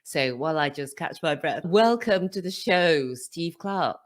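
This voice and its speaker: A woman's voice: sits low, animated, measured pace. A woman hosting a podcast, introducing her guest in an upbeat, chatty way. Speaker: podcast host.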